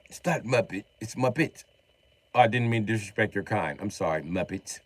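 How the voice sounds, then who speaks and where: A man voicing a mocking, posh British gentleman who trades insults during a game. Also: lowish voice, expressive, a little fast. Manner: exaggerated upper-crust put-on voice, mocking.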